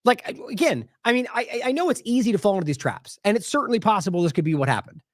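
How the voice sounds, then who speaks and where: A man hosts a commentary show in a raised, lively voice, picking apart clips with skeptical asides and frequent restarts. His delivery swings up and down as he mocks what he quotes. The sound is dry and close. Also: high-pitched, fast talker, dry recording. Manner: animated, skeptical, many restarts and mocking quotes. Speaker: host of an independent news commentary show. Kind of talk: casual commentary on video clips.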